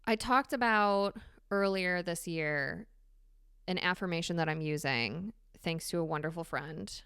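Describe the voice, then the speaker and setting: A woman hosting a solo podcast, talking candidly and swearing freely with animated emphasis. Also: fairly low pitch, measured pace, clear, resonant tone, no echo, studio quality. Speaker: podcast host. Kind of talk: casual solo podcast monologue.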